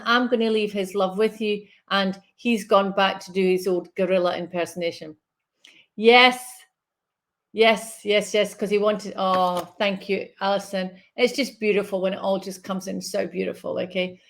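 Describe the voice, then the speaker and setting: Soothing woman giving a medium reading. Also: mid-range voice. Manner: soothing, reassuring, checks in with frequent "okay?". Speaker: spiritual medium. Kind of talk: live online reading.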